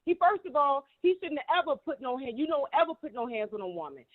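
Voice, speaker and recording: A woman's voice: high-pitched, very animated, fast. A woman giving heated, emphatic commentary, repeating herself and cursing freely. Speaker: guest commentator. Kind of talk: casual commentary. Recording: tinny phone line.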